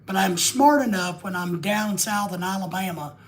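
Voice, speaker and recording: A man's voice: high voice, moderate pace. A man hosting a live stream, rambling and joking casually with crude asides.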